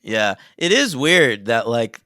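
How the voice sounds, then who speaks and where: A man in a relaxed movie-review chat, his voice bright and forceful with a lively, swinging pitch. He jokes and laughs easily. The sound is dry and close, with no room in it. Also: takes it slowly, clean tone, dry recording. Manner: animated, jokey, laughs often. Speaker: podcast co-host.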